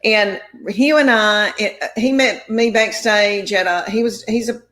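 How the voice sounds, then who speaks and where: A woman comedian being interviewed, telling rambling, animated stories full of quoted dialogue. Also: medium pitch, unhurried. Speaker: comedian guest. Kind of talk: storytelling interview chat.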